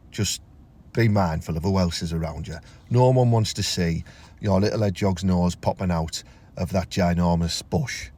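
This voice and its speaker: Ranting Teesside man, crude comic. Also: warm tone. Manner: crude, ranting, swears freely, big pitch jumps when outraged. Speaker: comedian. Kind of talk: comic character rant to camera.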